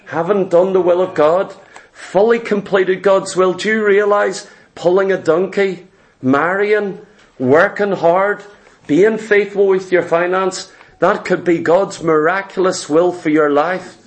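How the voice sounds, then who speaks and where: High-voiced, emphatic male preacher. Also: measured pace. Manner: emphatic, repetitive, rhythmic. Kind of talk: sermon.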